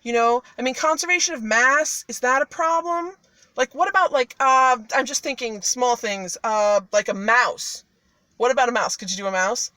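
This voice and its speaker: A wheedling talking tomcat, played by a woman who butters up his target in loose, slangy chatter, and his voice sits a touch high. The sound is dry and close, with no room around it. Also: moderate pace, no room sound. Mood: sly flattering. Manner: flattering, wheedling, casual slang. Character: sly smooth-talking male cat.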